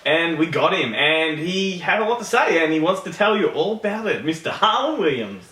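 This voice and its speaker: A man hosts a casual podcast chat full of enthusiasm. His voice is bright and animated, and it sits a little high. The room gives it a noticeable echo. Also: moderate pace. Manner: enthusiastic, hyping. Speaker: podcast host.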